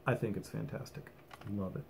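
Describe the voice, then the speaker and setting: A man's voice: on the low side, fairly even intonation, brisk, gravelly, dark tone, a little hiss or hum. A man giving a casual, rambling album review at home, enthusiastic and full of ums and restarts. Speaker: music vlogger.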